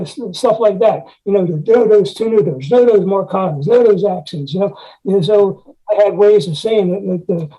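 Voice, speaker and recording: A man's voice: high-pitched, dark tone, poor audio. An older man, a retired music teacher, telling rambling anecdotes in an interview and scat-singing musical articulations. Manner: rambling anecdotes with frequent "you know" and scat-sung articulations. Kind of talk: conversational storytelling interview.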